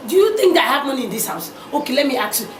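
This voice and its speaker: An actress with a Nigerian accent playing a stern older sister who scolds in disbelief. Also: female voice, high voice, very animated, very fast, slight background noise. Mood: scolding. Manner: scolding, incredulous.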